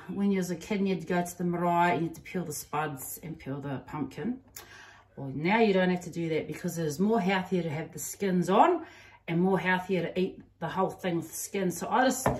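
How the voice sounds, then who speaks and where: In her home kitchen, a middle-aged Kiwi woman with a hint of Australian in her accent runs a chatty, homely cooking demo peppered with ums and slang. Her pitch is medium, and the camera on a stand sits away from her, so the room echoes.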